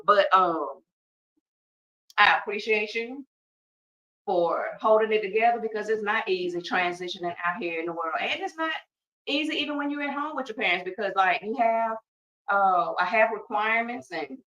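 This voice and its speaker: A bright, forceful woman of middle age talks to her podcast listeners in a colloquial, emphatic way and breaks in with joking asides. Her voice sits a little back from the mic. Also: mid-range voice, normal speed, far from the mic, lo-fi sound. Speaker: podcast host. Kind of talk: casual heartfelt talk.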